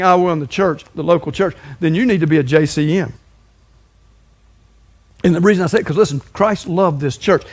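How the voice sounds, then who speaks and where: A man preaching a sermon as pastor, folksy and conversational, often stumbling and repeating words. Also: fairly high pitch.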